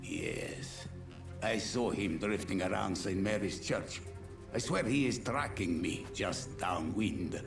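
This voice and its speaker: A man's voice: deep voice, takes it slowly, gravelly, heavily acted. An actor playing a suspicious, surly male doorkeeper who talks curtly and dismissively, in a video game. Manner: curt and dismissive. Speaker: doorkeeper of a medical facility. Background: game music.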